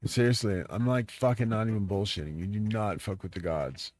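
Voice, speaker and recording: A man's voice: lowish voice, fairly quick. A man live-streaming a profane, agitated, grandiose rant aimed straight at his viewers. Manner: profane, agitated and grandiose, talks to the audience directly. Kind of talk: ranting monologue to viewers. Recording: loud music playing behind the voice. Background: loud music.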